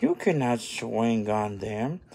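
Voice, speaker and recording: A man's voice: mid-range voice, expressive, takes it slowly, gravelly, a little mellow, husky, voice pushed down, heavily acted. A man doing a tender, coaxing storybook apple tree. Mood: apologetic. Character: gentle, loving female apple tree.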